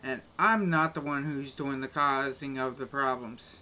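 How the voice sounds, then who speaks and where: A man's voice: mid-range voice, fairly even intonation, a little slow, pushed and bright. A man grumbling casually to his live-stream chat while he plays a game, with exasperated little rants.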